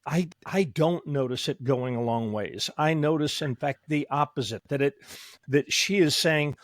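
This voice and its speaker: A man's voice: a little high, measured pace, no echo, clean studio sound. A middle-aged man hosting a conversational discussion as a psychologist, who digresses and pushes back on his guest. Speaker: host, psychologist.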